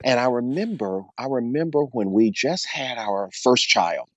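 A man counseling and coaching men, telling a personal story as an interview guest in a quick, animated way, repeating phrases as he goes. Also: mid-range voice, no echo, highs cut off. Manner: animated, rapid storyteller who repeats phrases and addresses the host by name.

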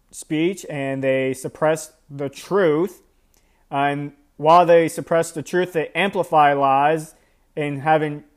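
A man giving casual commentary on a news story in a rambling way, with plenty of fillers. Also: a little high. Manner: rambling, filler-heavy delivery.

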